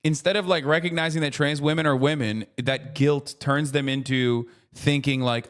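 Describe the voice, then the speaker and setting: A man streaming casual commentary, talking in an animated, profane way that keeps breaking into loud mocking rants. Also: mid-range voice, normal speed, hardly any pauses. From United States. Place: traveling in Japan.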